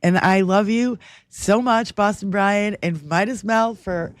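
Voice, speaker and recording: A woman's voice: mid-range voice, unhurried, dry recording, studio quality. A woman co-hosting a political livestream, chatting casually, mocking and laughing often. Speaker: livestream co-host.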